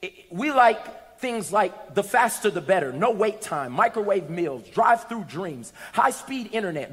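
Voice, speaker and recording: A man with a high voice preaches a sermon in a church. He tells stories and builds to shouted, sing-song lines. His voice rings out with a long hall reverb. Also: expressive, moderate pace, hardly any pauses.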